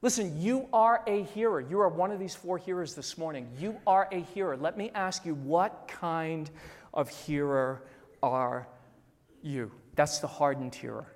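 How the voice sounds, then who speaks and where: A pastor in their fifties preaching a sermon emphatically, repeating phrases and dropping to a hush on key words. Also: medium pitch, expressive, brisk, few pauses. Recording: long hall reverb.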